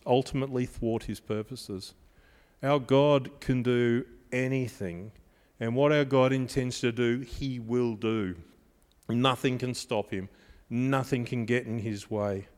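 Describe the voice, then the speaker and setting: A man preaching a sermon, telling stories that build to emphatic peaks and then drop quiet. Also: medium pitch, long reverb tail. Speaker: pastor.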